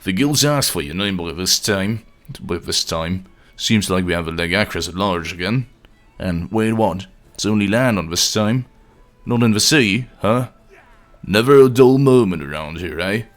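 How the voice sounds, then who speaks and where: A man's voice: sits low, normal speed, a bit bright, soft background music. A man voicing a chatty male quest-giver in a put-on, folksy accent. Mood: jaunty.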